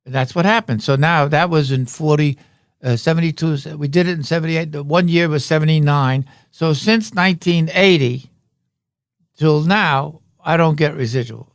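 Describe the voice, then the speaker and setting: A man's voice: fairly high pitch, moderate pace, no room sound, studio quality. An older man, a guest on a podcast, telling rambling anecdotes and jokes in a casual way. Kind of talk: casual storytelling. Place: podcast studio.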